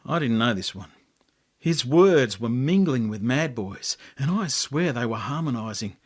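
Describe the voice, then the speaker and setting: A man with an Australian accent, the author, reading his own story aloud in a slow, hushed, expressive storytelling manner. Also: mid-range voice.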